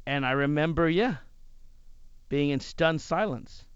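A man who hosts talk radio, telling a personal story in an animated way. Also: fairly high pitch, measured pace, clean tone, no echo, highs cut off. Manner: animated, acts out other people's lines.

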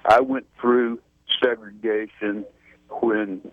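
A man in his sixties from South Carolina with a Southern accent, calling in to a talk show, halting and folksy with many fillers. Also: fairly low pitch, steady tone, no echo. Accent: Southern American. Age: 60s. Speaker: caller. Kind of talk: phone-in political talk. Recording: tinny phone line.

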